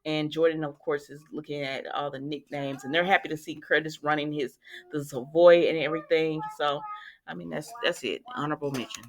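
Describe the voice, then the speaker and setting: A chatty woman recapping a soap opera, slipping into the characters' lines and reacting loudly to twists. Her voice sits a little low for a woman, and she talks in a loose, conversational way. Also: fairly quick. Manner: chatty, retells scenes acting out the lines with lively reactions. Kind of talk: casual chat.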